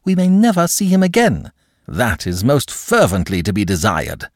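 Brief: man reading a harsh older nobleman, curt and dismissive, deep voice. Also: sing-song, slow, breathy edge, no echo, studio quality, full character voice. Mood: scornful. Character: stern angry older male uncle, a nobleman.

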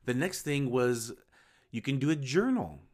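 On his solo podcast, a male host speaks casually, drifting a little and stopping to restart or fix what he said. He has a medium-pitched, somewhat mellow voice, animated but at a measured pace.

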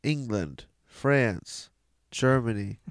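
A man's voice: mid-range voice, animated, extremely slow, dry recording, clean studio sound. A man co-hosting a casual comedy podcast, telling rambling, jokey stories.

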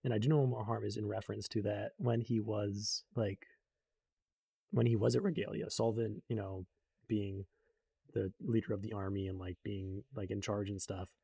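Rambling young man, husky and mellow. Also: on the low side, moderate pace, no echo, studio quality. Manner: rambling, full of fillers, animated quoting of characters. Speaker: book recap vlogger. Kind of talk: rambling casual recap.

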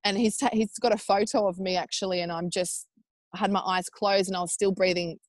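An Australian woman in her thirties tells a personal story as a podcast guest. She talks casually and animatedly, with plenty of fillers like "like" and "um", and she acts out other people's lines in raised voices. Her voice sits at a middle pitch, and the sound is dry and close. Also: fairly even intonation, brisk, dry recording. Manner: chatty with frequent fillers like "like" and "um".

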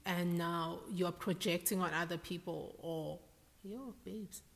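A woman's voice: fairly low pitch, fairly even intonation, slow, gravelly. A woman co-hosting a podcast in casual chat, blunt and joking, dropping Zulu words into her talk. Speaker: podcast co-host. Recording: room with long reverb.

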